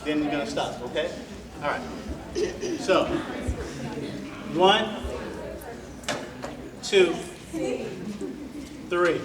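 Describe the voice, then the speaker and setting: Male motivational speaker, lively crowd storytelling, fairly high voice, caught from afar in a roomy hall with audience noise. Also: drawn-out words, long pauses, far from the mic. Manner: animated, joking, addresses crowd directly. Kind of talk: storytelling speech to a live audience. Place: large room with an audience.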